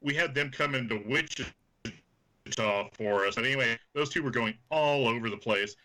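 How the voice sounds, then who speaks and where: A man's voice: mid-range voice, normal speed, bright, forceful tone, poor audio. A man who once refereed wrestling, a guest on a radio chat, telling long rambling stories. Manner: rambling, chatty storyteller.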